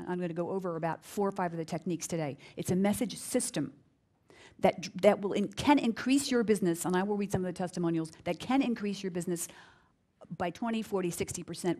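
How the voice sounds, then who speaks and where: An energetic middle-aged American woman leads a live business workshop. She talks with emphasis, circles back on key phrases and drives each point home to the room. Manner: acts out quoted voices with big pitch jumps. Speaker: speaker giving a business workshop. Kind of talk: live workshop talk to an audience.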